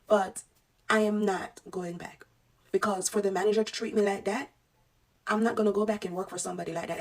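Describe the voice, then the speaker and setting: A woman's voice: medium pitch, darkish tone, distant mic. A woman telling a personal story in an emotional vlog, speaking with fervent, testifying conviction. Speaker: respiratory therapist sharing a story.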